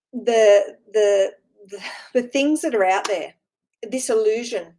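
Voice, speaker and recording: A woman's voice: mid-range voice, darkish tone, poor audio. A woman giving an informal spiritual talk as a teacher, earnest and encouraging, rambling and repeating words as she keeps checking in with her listeners.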